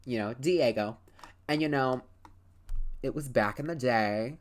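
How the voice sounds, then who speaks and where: A woman with a very deep voice hosts a let's play, talking in an unhurried way. Her gameplay commentary is casual and rambling, with free cursing and plenty of "like" and "you know" as she chats and tells stories.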